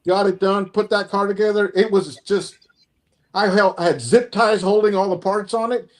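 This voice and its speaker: His voice is high and his pace moderate. He's a middle-aged car collector joining an online group stream from home, spinning a long, animated story casually and voicing each side of the conversations he retells.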